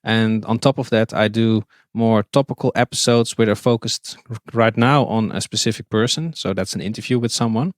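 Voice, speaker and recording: A man's voice: on the low side, moderate pace, hardly any pauses, no room sound, studio quality. A man with a Dutch accent, a podcast guest in a casual interview, speaking hesitantly with many fillers and restarts. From Netherlands.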